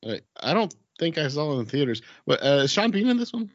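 A man's voice: on the high side, sing-song, no echo, highs cut off. A man co-hosting a casual movie podcast, answering hesitantly and often unsure of himself. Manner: hesitant, unsure, quick to laugh. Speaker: podcast co-host.

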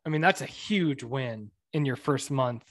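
A man's voice: mid-range voice, unhurried, dry recording. A man co-hosting a casual sports podcast, talking in an upbeat, emphatic way. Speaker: podcast co-host.

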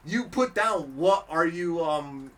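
A man talking as a podcast guest in a loose, rambling way, with plenty of mild filler swearing. His voice sits slightly high and bright. He is a little far from the microphone. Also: animated, takes it slowly. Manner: rambling, says freaking a lot. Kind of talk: casual chat.

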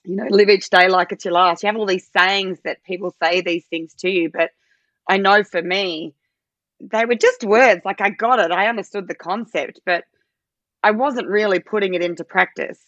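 A woman, mid-pitched, tells lively personal stories in a relaxed interview chat. She lifts her voice sharply higher to act out things she once said. The recording is dry, with slightly muffled highs. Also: normal speed, no echo. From Australia. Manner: animated storytelling, acts out her own quoted lines in a much higher voice. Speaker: podcast guest.

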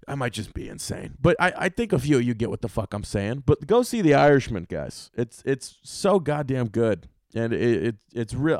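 Young man, podcast host, swears constantly, loud bursts then mumbles, medium pitch, dry close sound. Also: no echo. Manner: profane, animated, swings from loud outbursts to muttering. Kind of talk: solo podcast rant.

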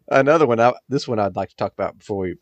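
A man co-hosting a podcast, chatting casually and animated, laughing often. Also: medium pitch, husky, no echo. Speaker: podcast co-host. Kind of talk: casual chat.

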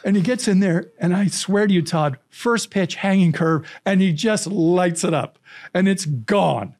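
A middle-aged man telling anecdotes as a podcast guest, lively, acting out quoted lines and laughing often. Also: high voice, unhurried. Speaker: storytelling coach, podcast guest. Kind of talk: animated anecdotal storytelling.

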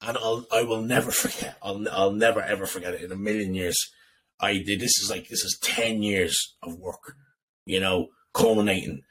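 A man's voice: lowish voice, fairly even intonation, moderate pace, a bit bright, a little hiss or hum, low-quality recording. A young man telling an emotional personal story on a podcast, emphatic, swearing and repeating himself. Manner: emphatic, profane, repetitive. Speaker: guest.

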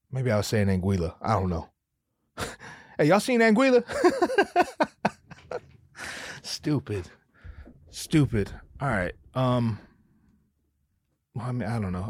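A man's voice: on the low side, darkish tone, no echo. A man in his thirties hosting a casual solo podcast, riffing and joking with lots of swearing and self-interruptions. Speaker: podcast host.

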